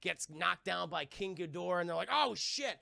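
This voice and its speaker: List: man, excitable, profane, gravelly voice, high lively pitch, live-stream film review. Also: fairly quick, no echo. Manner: excitable, profane, acts out scenes.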